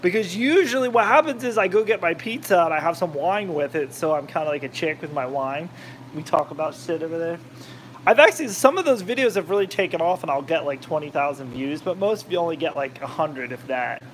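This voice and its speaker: A man's voice: fairly high pitch, animated, brisk, a little hiss or hum. A man hosting a cooking video from his home kitchen, chatting casually and rambling off topic while he cooks. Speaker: cooking vlogger, channel host. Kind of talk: casual chat while cooking, reading viewer comments.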